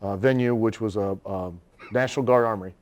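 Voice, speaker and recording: Guy telling a long funny story in a studio interview, animated, laughs a lot, acts out the other people. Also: lowish voice, brisk. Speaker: guest storyteller.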